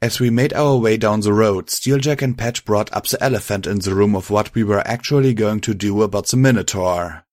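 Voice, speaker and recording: A man narrating a story audiobook in a steady, matter-of-fact reading. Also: fairly low pitch, brisk, few pauses, no echo, clean studio sound. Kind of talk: audiobook narration of fan fiction.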